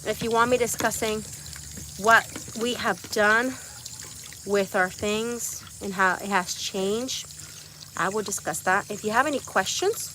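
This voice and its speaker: A woman's voice: mid-range voice, slow, bright, forceful tone. A woman hosting a casual livestream from her backyard chicken coop. She chats to viewers, repeats herself and coos to her animals. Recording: noisy outdoor phone stream.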